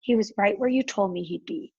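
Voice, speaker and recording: A woman voicing an eager, brave young boy in a storybook reading, earnest and often hushed. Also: medium pitch, fairly quick, slightly rough, highs cut off, close to an everyday voice.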